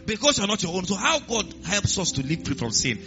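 A man preaching with a higher voice that swings up and down, emphatic and full of repeated refrains. The recording sounds muffled, with clear music playing behind him. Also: sing-song, fairly quick, sharp tone. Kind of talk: sermon. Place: church.

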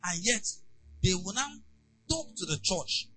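A man preaching a sermon, asking the congregation rhetorical questions and swinging from soft asides to loud emphasis. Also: sits high, sing-song, unhurried, rough recording. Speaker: pastor.

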